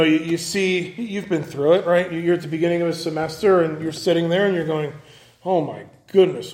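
A man preaching a conversational evening sermon, acting out the voices of the people he quotes. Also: high-pitched. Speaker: pastor.

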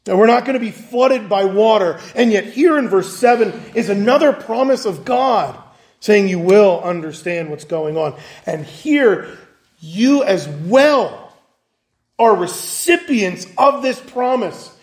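A man's voice: sits high, animated, a little slow. A man preaching a conversational evening sermon, acting out the voices of the people he quotes. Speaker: pastor.

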